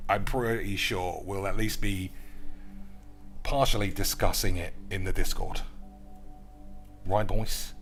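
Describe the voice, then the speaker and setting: A man's voice: on the low side, fairly bright tone. A man live-streaming a card game, bantering sarcastically with his chat and swearing freely. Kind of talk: casual live-stream chat while gaming.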